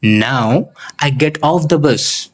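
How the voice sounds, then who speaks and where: A man teaching English, telling a simple story in slow, deliberate narration with carefully spaced phrasing for learners. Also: mid-range voice.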